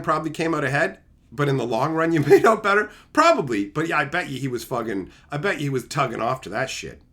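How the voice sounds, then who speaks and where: A man with a fairly bright voice on the high side hosts a livestream, ranting heatedly and profanely. Between rants he answers chat.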